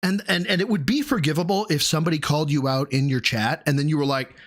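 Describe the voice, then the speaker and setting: Animated, mocking male streamer. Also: a little high, a little fast, hardly any pauses. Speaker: streamer host reacting to a video. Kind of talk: casual commentary.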